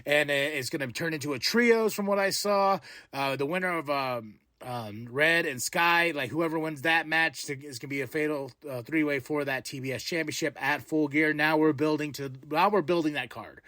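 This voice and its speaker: A male podcast host with a fairly high voice, talking through a wrestling show in a loose, excitable way. He chuckles often and breaks into playful wrestler impressions. The sound is close and dry, with no room around it. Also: normal speed, no room sound. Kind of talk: casual wrestling recap.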